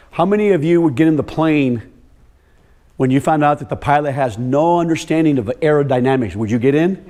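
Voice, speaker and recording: Farmers at a live workshop hear an older presenter on soil health who tells stories and fires questions their way. His voice is a little high and mellow.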